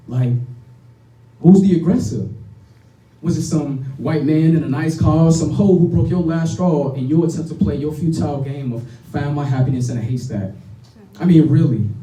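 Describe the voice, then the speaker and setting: A young man with a Chicago accent delivers spoken word poetry in a rhythmic, intense, blunt way. His voice sits a bit high but sounds very dark and mellow. It is heard from a distance in an echoey room. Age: young adult. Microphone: stage microphone. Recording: roomy sound from a distant mic.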